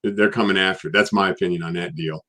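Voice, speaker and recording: A man's voice: sits low, fairly even intonation, fast, pushed and bright. A man hosting a live talk show who is easygoing and chatty and laughs often. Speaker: host. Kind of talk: casual chat.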